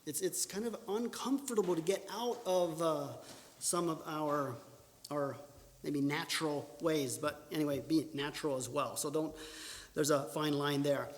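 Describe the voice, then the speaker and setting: Recorded in an echoey church hall, this church speaker teaches public speaking earnestly in a voice on the high side, fairly even in intonation and unhurried. He keeps restarting and self-correcting, then pushes out sudden emphasis.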